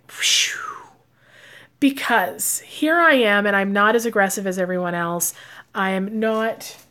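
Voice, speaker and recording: A woman's voice: fairly high pitch, fairly bright tone. A woman, a psychic and life coach, talking casually to her audience and giving advice, with lots of fillers and acted-out quotes. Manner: chatty, acts out quoted lines with filler words. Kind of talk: casual advice talk to camera.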